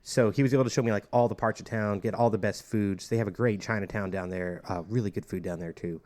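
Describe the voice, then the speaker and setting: Low-voiced chatty man explaining food. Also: fairly even intonation, fast talker, darkish tone. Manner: chatty, explains things with lists. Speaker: podcast co-host. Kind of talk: casual food chat.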